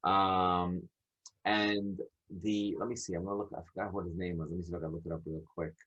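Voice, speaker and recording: A man, a podcast guest telling stories in an animated way, acting out dialogue and often restarting his sentences. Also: low-pitched, brisk. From United States. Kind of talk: casual storytelling. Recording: dull lo-fi audio.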